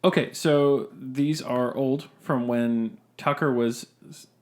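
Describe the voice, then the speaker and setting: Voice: mid-range voice, fairly even intonation, slow, darkish tone. Hesitant co-host reading ghost stories aloud. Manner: hesitant reader with restarts and asides. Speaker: podcast co-host. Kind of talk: casual chat, reading listener stories aloud. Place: podcast recording session with co-hosts.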